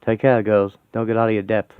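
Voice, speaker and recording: A man's voice: on the low side, flat delivery, fairly quick, clean tone, no echo, natural voice. A man voicing a flamboyant male occult artist who speaks languidly and calls people darling, in a fan radio-play comic. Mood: offhand. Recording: tinny, dry, phone-like sound.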